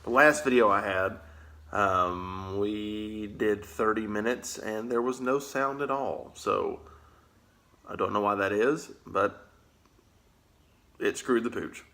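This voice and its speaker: A man's voice: lowish voice, slow pace, vocal fry, long pauses, bright, forceful tone. A man with a Southern US accent chatting casually in an easygoing, rambling way, with plenty of filler words. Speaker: pipe-smoking vlogger. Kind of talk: casual chat.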